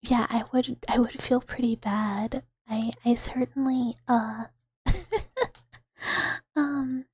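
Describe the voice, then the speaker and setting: A woman streamer giving soft-spoken, whispered ASMR chat to her viewers, giggly and casual, close to the mic. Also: a little high, fairly even intonation, slow, no room sound. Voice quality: breathy whisper.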